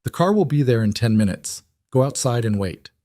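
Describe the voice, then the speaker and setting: A man voicing a powerful mafia boss who speaks in firm, commanding lines with a quietly gentle edge. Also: medium pitch, expressive, a little fast, no echo, clean studio sound, natural voice.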